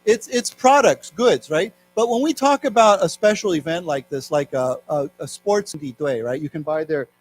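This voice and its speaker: A middle-aged man with an American accent teaching an English lesson, explaining words and reading news aloud slowly. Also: a little high, soft background music, rough recording. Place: library lecture room.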